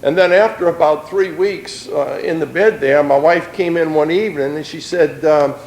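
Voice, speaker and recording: A man's voice: on the high side, normal speed, darkish tone, echoey room, poor audio. A middle-aged man, giving a plain-spoken personal testimony in an earnest storytelling way.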